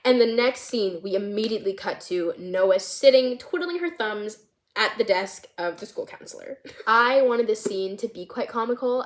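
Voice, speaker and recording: A young woman vlogger, bubbly and giggly, casually talking through her movie script with lots of fillers. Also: fairly high pitch. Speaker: vlogger and screenwriter.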